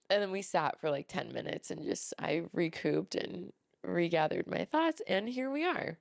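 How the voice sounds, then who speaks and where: Young woman, congested and gravelly, chatty podcast co-host, dry close sound. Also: medium pitch, very animated, a little slow, no echo. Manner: chatty storyteller, swears casually. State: congested from a cold. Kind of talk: casual chat.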